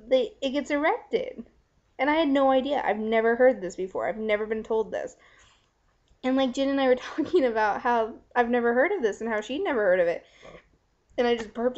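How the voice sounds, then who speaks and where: A woman's voice: on the high side, a little mellow. Chatty young woman on a lo-fi webcam. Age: young adult. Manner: chatty, frank, giggly, lots of "like" fillers. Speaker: vlogger. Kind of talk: casual video letter to a friend. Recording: dull lo-fi webcam audio.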